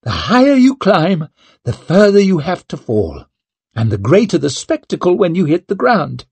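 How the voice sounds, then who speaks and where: A man's voice: fairly high pitch, big pitch swings, a little slow, darkish tone, slightly rough, no echo, voice pushed up, heavily acted. A man voicing an ambitious, bitter young noblewoman in an audiobook, wry and defiant with a coarse tongue.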